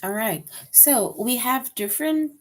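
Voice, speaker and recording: A woman's voice: fairly high pitch, expressive, unhurried. A woman teaching a grammar lesson to young children, patient and repetitive, often checking with "right?".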